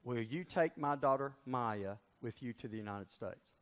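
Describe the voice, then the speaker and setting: A man putting on a pleading mother's high voice. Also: normal speed, fairly bright tone, natural voice. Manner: urgent, pleading. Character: pleading mother, a woman begging a stranger. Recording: long reverb of a large church.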